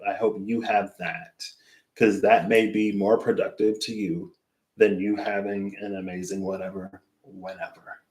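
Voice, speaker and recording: Male tarot reader, lower voice, rambling reflective sign-off, roomy echo on the recording. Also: a little mellow. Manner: rambling and reflective, trailing off into asides. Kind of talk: casual spoken tarot reading wrap-up.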